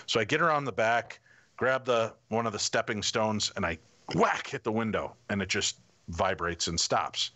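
Middle-aged guy on a podcast spinning a story, lowish voice, acts out the quotes. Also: moderate pace. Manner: animated anecdotal storytelling, acting out quotes. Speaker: guest. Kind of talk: casual storytelling.

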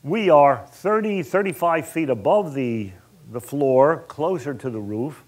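A man's voice: a little high, measured pace. A man, a film director, telling an anecdote to an audience and acting out bits of dialogue. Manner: animated, colorful storyteller who acts out dialogue.

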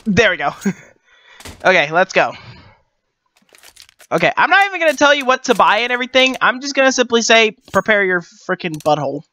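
A channel host giving casual gameplay commentary, excitable and laughing often, with jokey trash talk. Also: mid-range voice, slight background noise.

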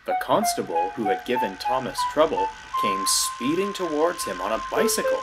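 A man narrating a children's railway story in an expressive storybook style. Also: medium pitch, moderate pace, hardly any pauses. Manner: lively, expressive reading. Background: loud music.

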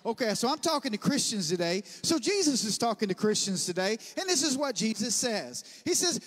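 A man, preaching a sermon as pastor and telling stories in an animated way, calling the congregation for amens. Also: high-pitched, fairly quick, few pauses. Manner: animated storytelling, bursts of loud laughter; preacher who calls for amens. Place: church sanctuary. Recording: long church-hall reverb.

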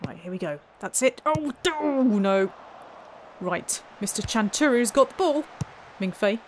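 A woman's voice: medium pitch, lively intonation, normal speed, background noise. Wry woman commentating gameplay. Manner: wry, chatty, exasperated asides. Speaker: let's play host.

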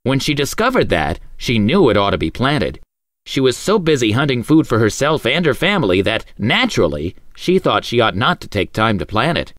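A man hosting a story show and reading a children's tale aloud in an expressive, sing-song way. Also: medium pitch, normal speed, no echo, studio quality. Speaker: storyteller host.

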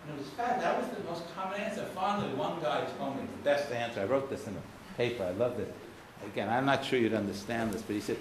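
A man from the United States with a faded Boston accent delivers a keynote as a wry, digressive storyteller who drops blunt asides. His voice sits at an ordinary pitch. The lecture hall's reverb is clearly audible behind him, with a faint steady hiss. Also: fast talker. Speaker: keynote speaker. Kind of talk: anecdotal lecture. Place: lecture hall. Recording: roomy hall with faint noise.

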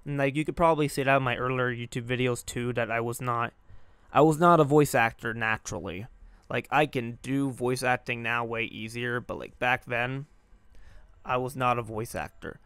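A man's voice: mid-range voice, normal speed, fairly bright tone, smooth, no room sound. A young man talking casually on his vlog, rambling and correcting himself, with frequent swearing. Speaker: YouTuber and hobby voice actor.

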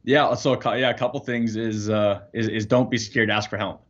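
A man's voice: on the low side, fairly even intonation, a little fast. A man, an air force firefighter, talking earnestly as a guest over a video call, with fillers. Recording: dull lo-fi video call audio.

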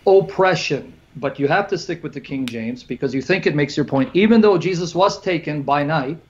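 A man fires back in a debate, quick and combative. His voice runs high. The stream audio sounds muffled and lo-fi. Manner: fast combative rebuttal. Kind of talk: debate rebuttal.

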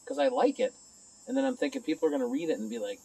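Lively, husky-voiced man reviewing beer. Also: on the high side, quick pace, low-quality recording. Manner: chatty, rambling, talks to himself. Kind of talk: casual beer review vlog. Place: alone at home.

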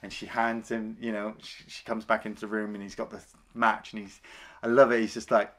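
A man's voice: on the low side, little pitch movement, brisk, a bit bright. A man co-hosting a film review podcast, casually retelling scenes and acting out the characters' lines.

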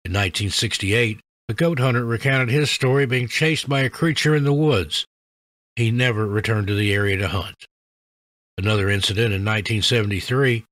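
A man in scripted narration, telling spooky stories in a measured, even delivery. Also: mid-range voice, dry recording.

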